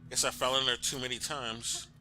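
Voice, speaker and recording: A man's voice: medium pitch, little pitch movement, moderate pace, sharp tone, soft background music. A man giving casual let's play commentary, thinking aloud and swearing now and then. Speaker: gamer.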